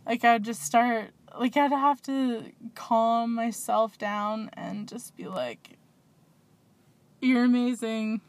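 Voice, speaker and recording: A woman's voice: a little high, slow pace, hardly any pauses. A woman hosting a small podcast, rambling and gushing in casual chat with lots of fillers. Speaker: podcast host.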